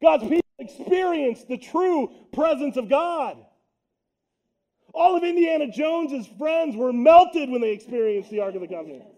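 A man preaching a sermon to his church as pastor, energetic and joking, rising to shouts on key points. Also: very high-pitched, measured pace. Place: church sanctuary.

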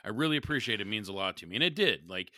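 Male co-host, crude and profane, bright edgy tone, dry close mic. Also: on the low side, lively intonation, racing, no echo. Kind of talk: casual chat.

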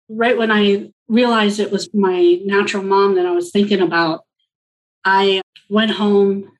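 A woman's voice: medium pitch, poor audio. A woman guest telling her personal story in an interview, reflective and full of filler likes.

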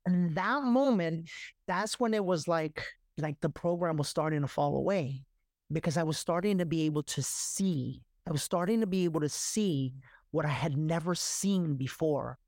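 A male guest, a life coach, tells an animated personal story in an emphatic way, repeating words and often saying "right?" and "you know." His voice is fairly high-pitched, a little mellow, and at a normal pace. The sound is dry and close, with no room echo.

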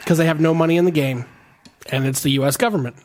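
A man's voice: a little high, quick pace, a little mellow. Podcast guy cohosting, laughs and cusses his way through stories. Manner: profane, laughing banter. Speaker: podcast co-host. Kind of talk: casual podcast chat.

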